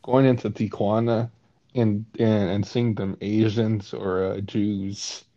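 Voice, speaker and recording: A man's voice: fairly low pitch, little pitch movement, slow, dark tone. An American man in casual chat, cracking crude, blunt jokes and swearing freely. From United States. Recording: dull lo-fi audio.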